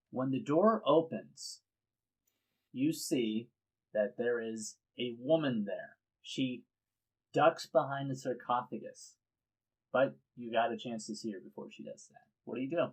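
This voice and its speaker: A man's voice: mid-range voice, measured pace, darkish tone, breathy edge, rough recording. A man acting as dungeon master, describing scenes unhurriedly and hesitating when improvising. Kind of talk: narrating a tabletop game.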